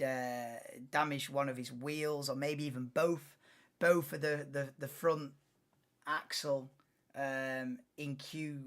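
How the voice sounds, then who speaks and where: This race watchalong livestream is hosted by a man whose fairly high voice has a fairly bright tone. His talk is casual and rambling, packed with fillers and restarts.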